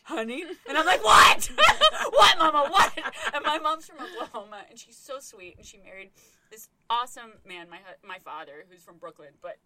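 A woman and parent telling a funny story in casual chat, expressive and swearing freely. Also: medium pitch, brisk, background noise. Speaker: podcast co-host and parent.

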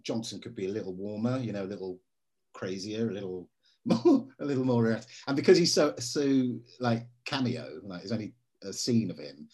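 A man, an actor being interviewed, telling stories in a lively way and slipping into voices for quotes. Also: on the low side, moderate pace. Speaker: actor guest. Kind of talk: casual interview.

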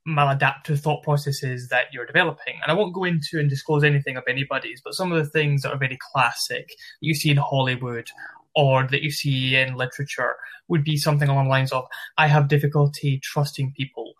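A man from Scotland with a Glasgow accent, a podcast guest who explains his work as a mindset development practitioner in a measured, articulate way. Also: mid-range voice, steady tone, a bit bright, rough recording. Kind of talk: explaining in an interview.

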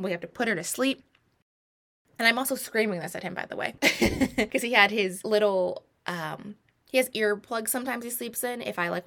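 A woman in her twenties telling a personal story in a casual, animated, self-mocking way, with many rambling asides. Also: mid-range voice. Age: 20s.

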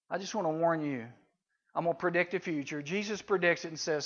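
High-voiced man preaching to young teens. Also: fairly quick. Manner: conversational, swings between loud and hushed. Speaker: youth preacher. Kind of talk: sermon to junior high students. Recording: dull lo-fi recording.

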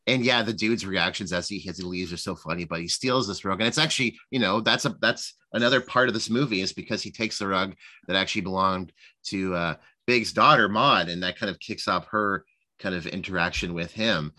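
A man's voice: fairly low pitch, bright, forceful tone. A man co-hosting a casual film discussion, rambling with many fillers and acting out quoted lines. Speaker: podcast co-host.

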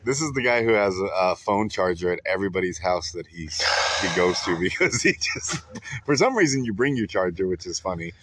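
A man's voice: deep voice, animated, brisk, a bit bright, breathy edge. A young man co-hosting a casual podcast, bantering and laughing easily. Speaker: podcast co-host. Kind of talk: casual chat.

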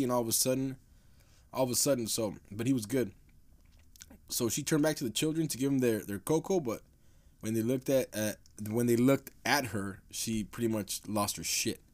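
A man hosting a casual podcast, retelling a spooky story in a rambling, profane, laid-back way. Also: medium pitch. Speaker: podcast host.

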